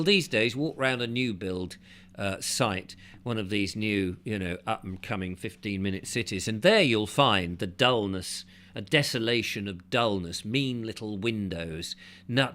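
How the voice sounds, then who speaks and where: A man reading a travel book aloud to listeners and breaking off for chatty asides. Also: fairly low pitch. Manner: chatty, breaks off to comment, animated in the read passages. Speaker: audiobook reader and host. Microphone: desk mic with keyboard nearby.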